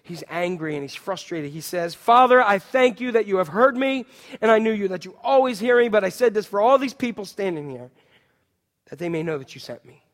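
High-voiced preacher in a reverberant hall. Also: male voice, expressive, a little fast. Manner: dynamic preaching, swinging from loud emphatic to hushed. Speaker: pastor. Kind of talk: sermon.

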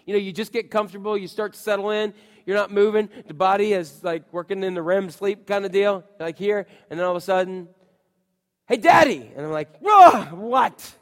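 Pastor guy preaching in a church, voice up high, acts out the story, big echo. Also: quick pace. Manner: animated storytelling, acting out voices, swinging from loud to hushed. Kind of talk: sermon.

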